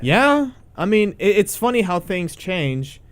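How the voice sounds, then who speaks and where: Man, let's play co-host, casual gaming chat, teasing and sarcastic, lively pitch. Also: measured pace.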